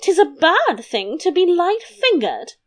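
A tearful queen with a quick temper, her voice climbing high and thin as she sobs and snaps back , as a woman puts her on. She comes from a storybook reading. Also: big pitch swings, heavily acted. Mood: tearful, retorting. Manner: high, sobbing and sharp retorts. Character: weepy, shrill middle-aged queen, quick-tempered.

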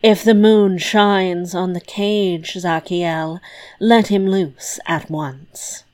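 A woman voicing a menacing old witch in a fairy tale, speaking in a hollow, slow voice. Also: lowish voice, steady tone, darkish tone. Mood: ominous.

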